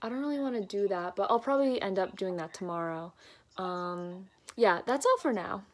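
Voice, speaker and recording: She's a young woman student vlogging a casual daily video diary, isolating with coronavirus yet symptom-free. Her mid-range voice is expressive and moves at normal speed, and she talks in a chatty, self-mocking way, frequently laughing at herself.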